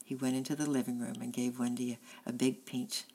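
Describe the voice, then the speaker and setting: Woman, audiobook reader, storybook narration, very low voice, gravelly, steady. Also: brisk, rough recording. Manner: steady, plain reading.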